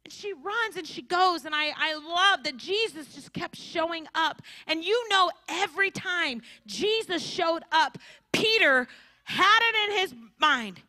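Lady preaching at a church women's conference, high bright voice, tells stories with lots of voices. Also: unhurried, no room sound, studio quality. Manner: animated, acts out characters' voices. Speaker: conference speaker. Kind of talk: storytelling sermon. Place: church hall.

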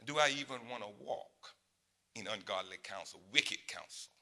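Bright-voiced man in his sixties preaching. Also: normal speed. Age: 60s. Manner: swings from low, quiet asides to loud, high exclamations; conversational preaching with laughs and asides to the congregation. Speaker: pastor. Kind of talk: sermon.

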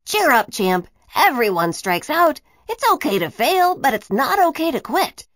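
A woman's voice: high voice, sing-song, measured pace, fairly bright tone, no room sound, clean studio sound, pitched above the performer's own voice, full character voice. A woman voicing a kind male kickball coach in a storybook reading, upbeat and encouraging.

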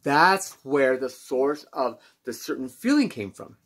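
A man speaking candidly as host of his own self-help channel, reflective and halting with many pauses and restarts. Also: medium pitch, big pitch swings, a bit bright, breathy edge. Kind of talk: candid personal monologue.

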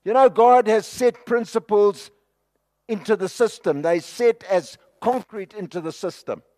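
A South African man preaches with real fervor, his voice sitting high and his pace slow and deliberate. He swings from loud, pleading outbursts down to near-hushed asides. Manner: impassioned, dramatic shifts between loud and hushed. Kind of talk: sermon.

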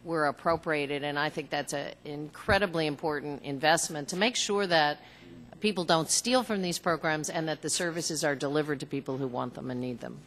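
A woman serving as a cabinet secretary, giving formal testimony at a hearing in a measured, earnest way with frequent fillers. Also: low-pitched, a bit bright, big-room sound. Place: large hearing room.

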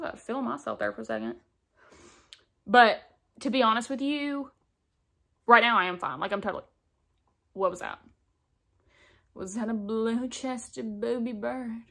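A young woman talks through a get-ready-with-me makeup session at home. She is chatty and candid, leaning on fillers like "like" and "um" in loose, rambling sentences. Her voice sits at an ordinary middle pitch. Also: fairly bright tone. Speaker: beauty vlogger. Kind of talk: casual get-ready-with-me chat. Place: indoors at home, doing makeup on camera.

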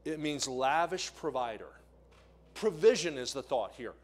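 A man preaching as an evangelist in a church, swinging between loud emphasis and quiet asides. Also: on the high side, animated, unhurried. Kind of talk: sermon. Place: church sanctuary.

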